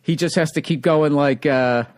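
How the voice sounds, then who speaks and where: A man's voice: fairly high pitch, moderate pace. A man around fifty hosting a podcast, talking in a candid, chatty way and swearing casually. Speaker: podcast host. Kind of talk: casual interview chat.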